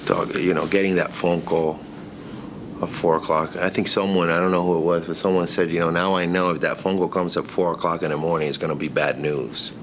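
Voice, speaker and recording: A man recounting memories in an interview, animated and acting out what others said. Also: deep voice, a little fast, background noise. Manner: animated, acts out quotes. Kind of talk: storytelling interview.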